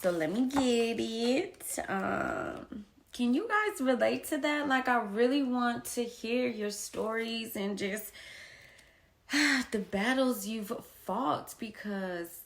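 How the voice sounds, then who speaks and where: A young adult woman talking casually and from the heart to her viewers, slow and reflective, with soft whispered asides. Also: on the high side. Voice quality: gravelly vocal fry. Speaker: poet and painter sharing her story. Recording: echoey room.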